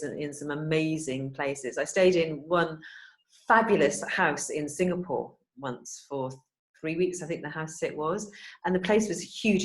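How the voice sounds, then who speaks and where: A woman with a Welsh accent, an experienced housesitter, chatting casually on a video call, laughing often and trailing off softly. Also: low-pitched. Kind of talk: casual group video chat.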